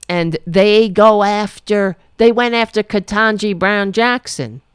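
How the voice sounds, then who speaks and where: A woman's voice: mid-range voice, takes it slowly, clear, resonant tone, no echo, studio quality. A woman hosting a political talk show from home, blunt and exasperated, cursing freely and cooing at her pets between rants. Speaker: host.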